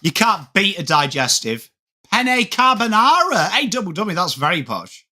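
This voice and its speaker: A high-voiced man with a bright, sharp tone chats casually with his viewers on a live watchalong. He calls the match as it happens, and his voice jumps up in excitement on big plays. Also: normal speed. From England. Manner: chatty, reads out viewer comments, rises excitedly on plays. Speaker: watchalong streamer. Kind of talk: live game commentary mixed with chat.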